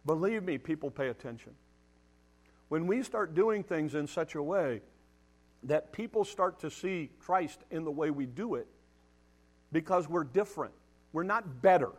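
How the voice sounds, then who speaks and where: A middle-aged man delivers a sermon in a slightly high voice. He speaks emphatically and addresses his listeners head-on, repeating words as he drives a point home. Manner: direct challenges to the congregation. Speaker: pastor.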